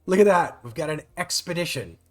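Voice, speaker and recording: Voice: mid-range voice, lively intonation, brisk, faint music behind. A board game player in a casual tabletop playthrough, explaining the rules step by step and laughing often.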